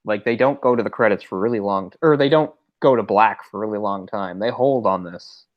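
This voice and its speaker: A man's voice: on the low side, fairly quick. Male commentary co-host, easygoing chatter, dull lo-fi sound. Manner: chatty, mimics characters in quotes. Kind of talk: casual movie commentary.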